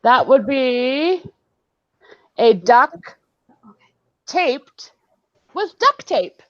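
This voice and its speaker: Woman host, live-stream chat, higher voice, giggly, dry and muffled video call sound. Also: very animated, drawn-out words, no echo. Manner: chatty, laughs often, reads chat comments aloud. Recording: dull, lo-fi video call audio.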